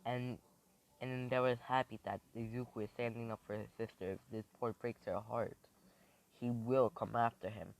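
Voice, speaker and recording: A man improvising a fan-fiction story aloud, rambling and thinking out loud as he goes. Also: medium pitch, fairly even intonation, moderate pace, slight background noise, rough recording.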